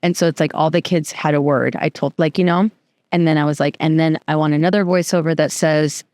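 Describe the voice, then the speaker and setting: A woman guest on a podcast, telling a story in a chatty, animated way with lots of filler words. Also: sits low, fairly quick, dry recording. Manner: chatty, animated, fills speech with "like". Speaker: podcast guest, youth program co-founder. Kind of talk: casual interview storytelling.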